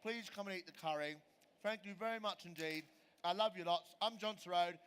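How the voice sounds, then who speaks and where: A middle-aged celebrity chef gives a live cooking demo on a show stage, chatting with the audience and taking their questions. His voice is high-pitched, smooth and fairly bright, and he talks a little fast.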